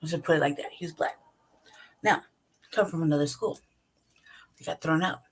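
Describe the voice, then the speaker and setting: A woman's voice: low voice, normal speed, slightly rough. A woman hosting her own channel, ranting bluntly and profanely in a commentary monologue, laughing between points and asking "right?". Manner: talks straight to the listener with repeated "right?". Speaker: channel host.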